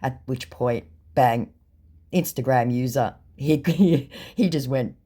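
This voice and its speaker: A woman's voice: a bass voice, slow pace, warm tone, breathy edge. A woman casually telling a story, with dry, sarcastic amusement. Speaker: vlogger reading scam chats. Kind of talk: casual chat.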